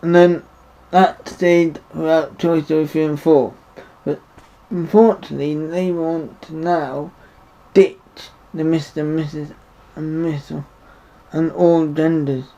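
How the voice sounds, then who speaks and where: A man's voice: a little high, flat delivery, a little slow, warm tone. A man giving a rambling, indignant opinion monologue to camera. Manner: rambling, repeats himself, indignant. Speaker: vlogger. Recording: dull lo-fi recording.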